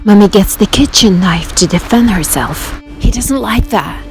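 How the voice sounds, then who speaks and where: A woman playing a scarred, unhinged male criminal clown, telling a tale in a slow, taunting way that sinks to a whisper. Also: medium pitch, lively intonation, darkish tone, soft background music. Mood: menacing. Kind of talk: monologue performed at home.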